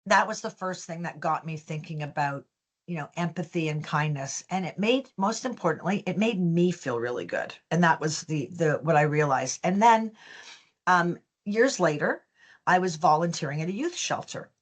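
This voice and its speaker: A woman with a slightly low-pitched voice tells stories as an interview guest. She speaks with an animated, chatty manner and slips into the voices of the people in her stories. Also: normal speed, slightly rough. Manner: lively storyteller, acts out quoted dialogue. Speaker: business founder, guest. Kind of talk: storytelling in an interview.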